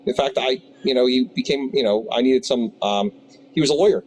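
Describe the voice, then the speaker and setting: A man's voice: mid-range voice, a little fast, darkish tone, rough recording. A man in his fifties who owns a tabletop game shop, telling rambling anecdotes with many restarts in an interview. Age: 50s. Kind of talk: storytelling interview.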